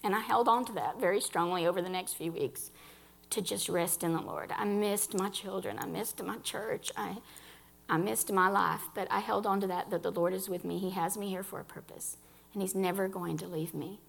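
A woman's voice: mid-range voice, fairly even intonation, normal speed, creaky. A woman giving an earnest personal faith testimony to a women's gathering, speaking straight to her listeners and often restarting her phrases.

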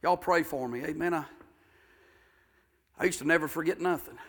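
High, bright-voiced preacher man. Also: normal speed, slightly rough. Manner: folksy, builds to shouting fervor. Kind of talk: sermon storytelling.

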